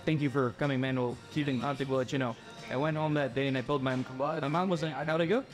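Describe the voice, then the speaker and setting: A young man from the Philippines, a podcast guest telling a personal story in a casual, animated way and acting out the voices of people he quotes. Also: mid-range voice, fast, faint music behind.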